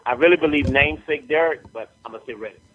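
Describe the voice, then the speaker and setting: A man's voice: a little high, fast talker, narrow, tinny audio. A man hosting a sports talk radio show, emphatic and opinionated.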